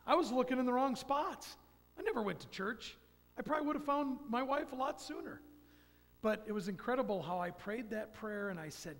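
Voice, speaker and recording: In a church sanctuary, a man in his fifties gives a folksy, rambling personal testimony. His voice sits high and moves fairly quickly, and the long reverb of the church hall trails after his words.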